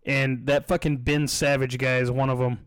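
A man's voice: mid-range voice, flat delivery, normal speed, clear, resonant tone. A man with a Texan accent co-hosting a podcast, swearing and joking in crude comedic banter. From Texas. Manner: profane, jokey, slips into mock Southern preacher voices. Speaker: podcast co-host.

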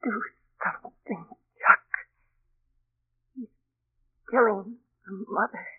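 A woman's voice: mid-range voice, takes it slowly, slightly rough. An actress playing a frightened young mother, breathless and often whispering, in 1940s radio acting on a tinny old radio recording. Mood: terrified.

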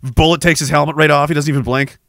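A man riffing casually in a comic bit, animated and giggling often. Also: a little high. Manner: animated, giggling, quick to jump into voices.

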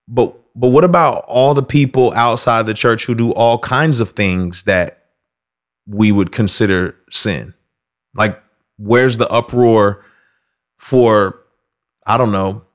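An adult man with a medium-pitched voice hosts a casual commentary monologue. He is animated, acting out quoted voices and breaking into loud outbursts.

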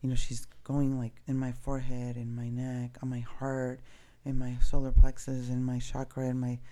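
A man speaking in a soft, earnest, spiritual way in a reflective personal monologue, casually swearing now and then. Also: medium pitch, completely flat delivery, normal speed.

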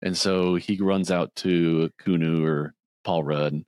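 Deep-voiced man retelling a movie. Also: steady tone, takes it slowly, darkish tone, clear, resonant tone, dry recording, clean studio sound. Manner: rambling, acts out characters' lines in higher voices. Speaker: podcast co-host. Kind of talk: casual chat, retelling a film plot.

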